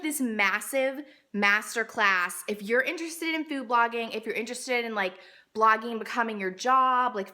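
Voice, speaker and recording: Bright chatty woman food blogger. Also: on the high side. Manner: chatty and rambling, many fillers. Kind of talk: casual vlog Q and A. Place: home room at night. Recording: roomy echo.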